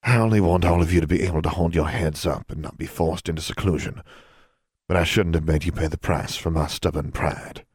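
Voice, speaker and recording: Man doing a steady mom witch, even tone, low voice, dry close sound. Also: slightly rough, no echo. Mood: calm. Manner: even, measured tone. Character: composed middle-aged witch, a mother.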